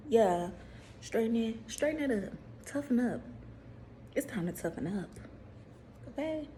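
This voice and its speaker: A woman, casually preaching to viewers in a vlog, animated, repeating herself and putting questions to the audience. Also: on the high side, measured pace, slight background noise. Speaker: faith vlogger.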